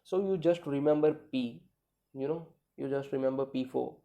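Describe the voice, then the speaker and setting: Dark-voiced man giving a lecture. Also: medium pitch, normal speed, gravelly, highs cut off. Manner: conversational, repeats key points, checks in with "okay" and "right". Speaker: medical lecturer. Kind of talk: explanatory video lecture.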